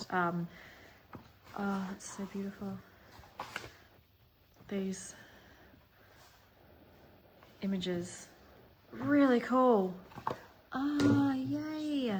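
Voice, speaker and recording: A middle-aged woman chatting casually in a vlog, gushing excitedly over her finds. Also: medium pitch, a little hiss or hum, poor audio. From Australia. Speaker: vlogger. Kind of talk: casual chat.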